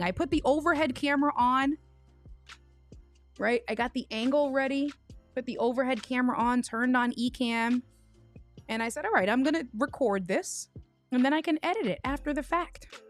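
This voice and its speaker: A young woman with a fairly high voice hosts a casual livestream. She tells her stories in an animated way, restarting her sentences often and calling out to chat viewers by name. Faint music plays underneath. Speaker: livestream host.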